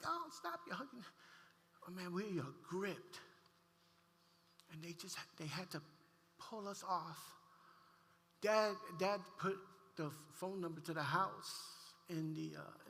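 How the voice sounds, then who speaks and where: A man preaching a sermon, telling a heartfelt personal story with animated delivery and frequent restarts. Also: high-pitched, slow pace, creaky, long pauses, slight background noise. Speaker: pastor. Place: church sanctuary. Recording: long church hall reverb.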